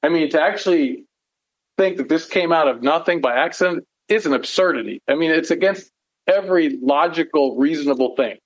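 A man's voice: a little high, fairly quick, highs cut off. A man preaching a conversational sermon, earnest, often asking rhetorical questions and checking in with "right?". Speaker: pastor teaching a Bible study.

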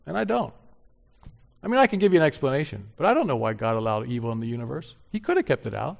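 Gravelly-voiced male preacher, lo-fi. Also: medium pitch, sing-song, fast. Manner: earnest, rising to emphatic peaks then dropping soft. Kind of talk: sermon. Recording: dull lo-fi sound.

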